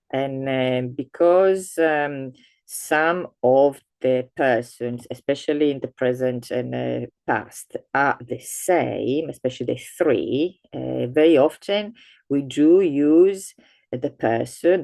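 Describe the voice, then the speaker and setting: A woman's voice: a bass voice, vocal fry, darkish tone, dry recording. A woman teaching an online grammar lesson, patiently walking through a table and reading verb forms out carefully. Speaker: language teacher.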